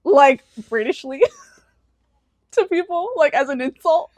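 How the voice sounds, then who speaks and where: A woman's voice: high-pitched, slow pace, dry recording. A young woman co-hosting a podcast in casual chat, playful, laughing often and arguing back. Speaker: podcast co-host.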